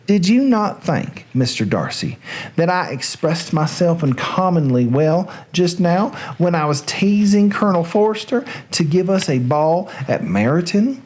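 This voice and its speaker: A man's voice: on the high side, sing-song, a little slow, a little mellow. A bold, witty young lady from a Regency novel, read by a man in a Southern American accent. She teases and needles with a playful edge. It sounds like a storybook read aloud. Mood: teasing.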